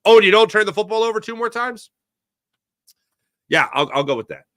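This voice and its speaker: A man hosting a live sports talk show, giving opinionated takes and answering viewer chat in an animated way. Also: high voice, dry recording, studio quality. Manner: opinionated, animated, quick asides to chatters.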